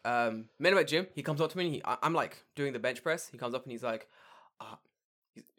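A man's voice: medium pitch, fast talker. A man in casual podcast chat, telling stories with lots of swearing and mocking voices. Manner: swearing, animated storytelling with mocking put-on voices.

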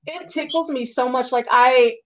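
A woman talking casually as a podcast guest, telling stories in an animated way and swearing now and then. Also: high voice, moderate pace. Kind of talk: casual chat. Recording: dull lo-fi audio.

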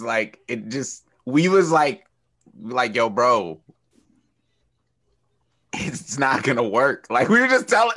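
A man co-hosting a podcast, retelling a funny moment in casual banter and laughing often. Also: mid-range voice. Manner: animated storytelling, laughing often. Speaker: podcast co-host.

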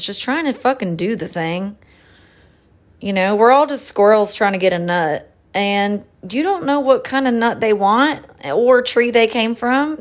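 A young woman hosts a laid-back podcast, talking in a loose, candid way. She swears freely, drifts through fillers and small laughs, and her voice sits at an ordinary middle pitch for a woman. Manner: chatty with frequent fillers and laughs. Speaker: podcast host. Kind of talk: casual chat.

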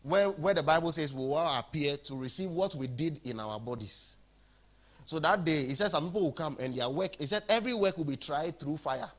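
A man with a Ghanaian accent preaching an animated sermon in a church, switching between English and Twi. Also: a little high, brisk.

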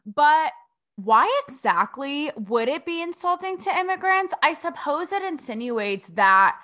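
A bright, tense-sounding young woman from Connecticut runs a casual commentary podcast. She talks bluntly and sassily, swears freely and fires off rhetorical questions, and her voice sits a little high for a woman. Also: big pitch swings, unhurried. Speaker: podcast host.

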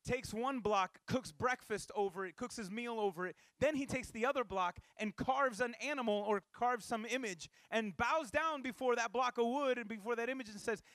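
Man, pastor, sermon, very high voice, dry close sound, casual and animated. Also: normal speed, few pauses, no room sound. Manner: casual and animated, with slang asides.

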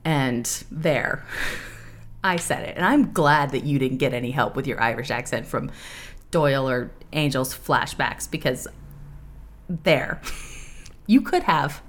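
A woman in her thirties hosting a podcast, chatting candidly and laughing often, with a profane, animated way of telling stories. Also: a bass voice, slow pace, long pauses. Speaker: podcast host. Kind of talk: casual podcast chat.

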